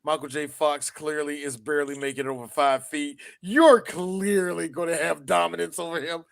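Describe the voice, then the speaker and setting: A man co-hosting a live podcast, an animated, profane storyteller who acts out scenes as he goes. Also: a little high, moderate pace, vocal fry. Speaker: podcast co-host. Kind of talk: live podcast chat about a film.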